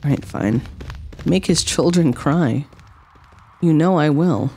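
Woman, game streamer, unhurried delivery, swoops up and down a lot, exclaims and swears. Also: sits low, animated, mellow, slightly rough. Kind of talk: let's-play commentary.

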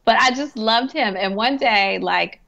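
A woman's voice: on the high side, measured pace, vocal fry, fairly bright tone, lo-fi sound. A woman who works as a hospice chaplain and grief coach, telling stories in a podcast interview in a chatty way, laughing often and saying "like" a lot.

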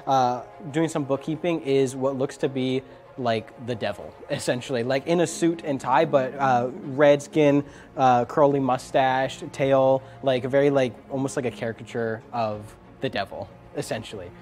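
A man narrating as game master of a tabletop game, relaxed and chuckling as he describes scenes. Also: mid-range voice, moderate pace.

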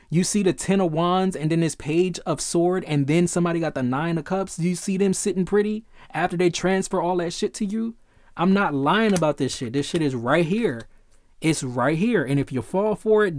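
A man's voice: a little high, a little mellow, dry recording. A man giving a casual tarot reading, emphatic and repetitive, swearing freely. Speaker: tarot reader.

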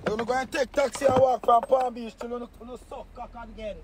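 A Jamaican man with a very high voice rants on a live stream, taunting and cursing. He gets loud and breaks into shouts. A faint hiss sits behind him. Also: steady tone, fast talker, few pauses. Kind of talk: heated live-stream rant.

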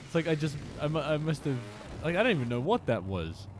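A man's voice: on the high side, sing-song, fast, noisy background. A man streaming a motorbike game, chatting playfully with viewers and dropping into whispers now and then. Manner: playful, teasing chat with viewers, drops into whispers. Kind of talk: casual live-stream chat.

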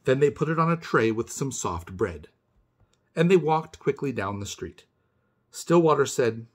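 Expressive man reading a picture book. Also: medium pitch, a little slow, breathy edge. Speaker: storybook reader for kindergarten. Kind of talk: children's read-aloud narration.

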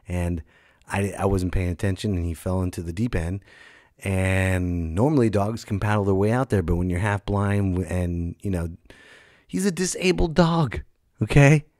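A middle-aged man riffs through a comic podcast monologue in a low voice that swoops up and down. He talks like an animated storyteller and jumps into loud, high put-on voices. He sounds a little worn from being sick, and the recording is dry and close. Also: no room sound. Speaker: comedian and podcast host.

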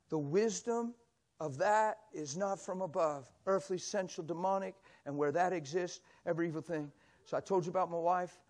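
High-voiced older man preaching animatedly. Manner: animated storytelling, swings from loud exclamations to soft near-whisper. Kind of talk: sermon. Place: church.

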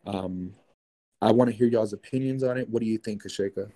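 A young man telling a spooky personal story in casual, animated speech, full of swearing and filler words. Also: fairly low pitch, fairly quick, low-quality recording. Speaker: guest.

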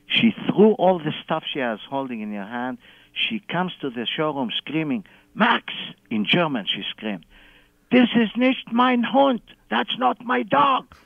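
A man's voice: mid-range voice, dry recording. A man calling in to a radio show, telling a long story with lots of chuckles and acting out the people he quotes. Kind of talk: animated phone-in storytelling. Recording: dull phone-line call on radio.

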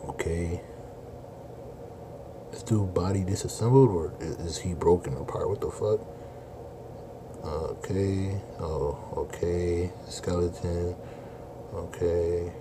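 A man's voice: deep voice, slow, pauses often, noisy background. A man doing a casual live reaction, blunt and exasperated, swearing and saying "bro" constantly. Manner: slangy, swears a lot, keeps saying bro. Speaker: manga reaction streamer.

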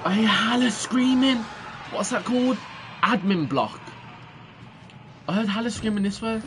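A man's voice: high-pitched, unhurried, music in the background. A young British man commentating a horror game, swearing a lot and jumping at scares. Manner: jumpy, swearing, crude jokes. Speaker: gaming streamer.

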